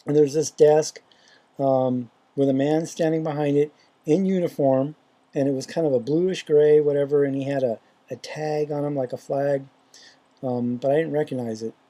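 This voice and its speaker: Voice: mid-range voice, fairly even intonation, normal speed, warm tone. A faith vlogger casually retelling a dream, rambling and hesitant, with lots of fillers and restarts.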